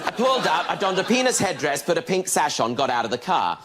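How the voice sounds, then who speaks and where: A man's voice: a little high, very animated, fast, crowd noise. Camp, gossipy male stand-up comic. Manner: camp, gossipy storytelling with mimicked voices. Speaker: stand-up comedian. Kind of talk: stand-up routine.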